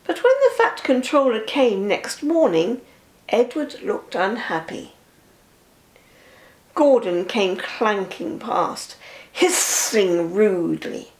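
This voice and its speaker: Grandma reading a kids story, slow and lively, kinda high, echoey room. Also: female voice. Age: older. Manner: slow, expressive read-aloud.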